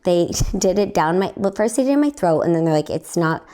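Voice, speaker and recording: A young woman telling a story in a casual, rambling way, her voice slightly raspy and hoarse, laughing often. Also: on the low side, expressive, a little fast, warm tone. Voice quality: slightly raspy, recovering from lost voice. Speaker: podcast host and stand-up comedian.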